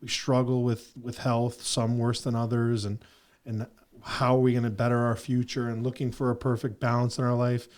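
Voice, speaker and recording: A male podcast host talks things through in an earnest, meandering way. He leans on fillers as he works toward his point, in a relaxed conversational tone. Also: medium pitch, normal speed. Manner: earnest and rambling, with many "you know" fillers. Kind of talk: reflective casual conversation.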